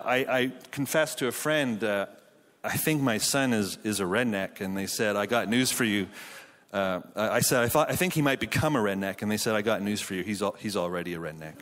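A man in his thirties speaks from a conference stage at a mid-range pitch. He mixes jokey storytelling with earnest preaching. The tone is that of a casual but committed conference sermon. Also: a bit bright. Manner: jokey storytelling, then earnest Bible teaching. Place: conference hall.

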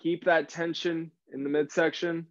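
A man's voice: a little high, flat delivery, moderate pace, dry recording, lo-fi sound. A man leading a live online core workout class, giving encouraging coaching cues while slightly out of breath. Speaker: fitness instructor.

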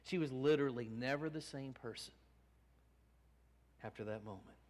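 A male pastor preaching a sermon in a church, earnest, rising from hushed to emphatic. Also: mid-range voice, normal speed. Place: church sanctuary. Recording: long church reverb.

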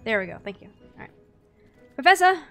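A woman's voice: medium pitch, a little fast, soft background music. A woman hosting a gaming video in a chatty, giggly way, rambling as she plays. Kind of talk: casual let's-play commentary.

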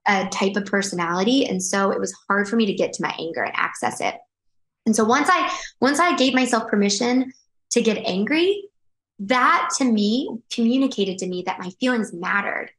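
An earnest woman in her thirties talks openly as an interview guest, circling back and restarting as feelings rise. Her voice sits at an ordinary pitch for a woman and carries a roomy echo. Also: animated, normal speed, fairly bright tone. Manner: emotional, earnest, rambling with restarts. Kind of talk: candid interview storytelling.

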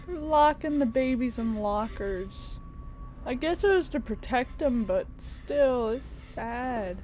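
A woman's voice: fairly high pitch, lively intonation, slow pace, darkish tone. A young woman commenting on a video game as she plays, sentimental and reading game prompts aloud. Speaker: gaming YouTuber. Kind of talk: let's-play commentary.

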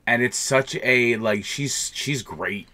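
A man's voice: medium pitch, slow, crowd noise. A man co-hosting a casual movie review chat, enthusiastic and rambling as he talks.

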